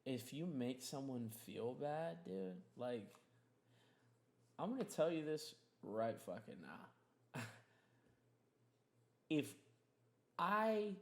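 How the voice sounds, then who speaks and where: A man's voice: medium pitch, sing-song, drawn-out words, pauses often. A young man hosting a casual podcast, ranting in a heated, profane, rambling way. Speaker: podcast host.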